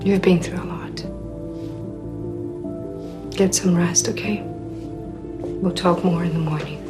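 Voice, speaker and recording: An actress playing a calm, controlling woman doctor who speaks softly and reassuringly in a film scene. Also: fairly low pitch, over loud music. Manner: soft, measured, reassuring.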